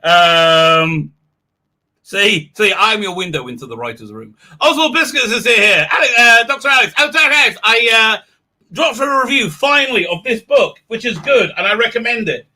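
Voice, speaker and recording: A man with an English accent hosts a casual livestream, rambling through chat with stammered restarts and crude asides. His voice sits high and sounds very bright and forceful. He breaks into loud laughter and shouting now and then. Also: animated, normal speed. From England. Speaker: livestream host.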